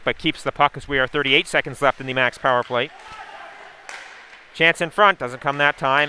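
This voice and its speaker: A man giving a steady, running play-by-play call of a hockey game, with asides and sponsor plugs. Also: medium pitch, slight background noise. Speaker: play-by-play commentator. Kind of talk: live hockey play-by-play commentary.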